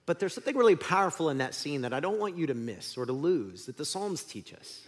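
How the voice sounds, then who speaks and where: A middle-aged man preaching a sermon and telling stories against himself. His voice climbs and dips with lively energy and sits a little high. A long hall reverb carries every phrase. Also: fast. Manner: candid, self-deprecating storyteller. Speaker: pastor.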